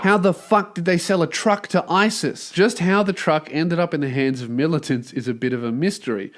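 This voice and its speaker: A man's voice: on the high side, a little fast, few pauses. An Australian man, a comedian, reading a news story aloud and riffing on it with sarcastic, profane asides. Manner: sarcastic, profane, reads article then riffs. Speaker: comedian host.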